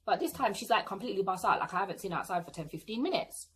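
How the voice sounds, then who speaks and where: Young British woman, vlogger, indignant storyteller with a sassy edge and a middle pitch. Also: expressive, rapid-fire, fairly bright tone. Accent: British English. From England. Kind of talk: storytime vlog.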